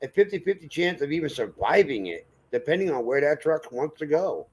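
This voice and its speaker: A man's voice: a little high, expressive, fairly quick, darkish tone, slight background noise, rough recording. A middle-aged man hosting a casual livestream, talking in a plainspoken, folksy way. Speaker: livestream host.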